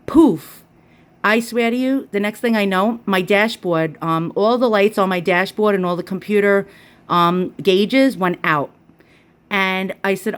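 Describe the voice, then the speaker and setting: A woman vlogger telling a personal story in a chatty, animated way, with lots of fillers and quoted dialogue. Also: medium pitch. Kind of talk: casual storytelling.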